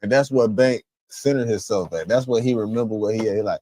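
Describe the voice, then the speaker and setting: A man's voice: fairly low pitch, fairly quick, mellow, no echo. Rambling, profane streamer man, dry sound. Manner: rambling, profane, searches for words. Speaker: stream host. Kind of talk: casual reaction commentary.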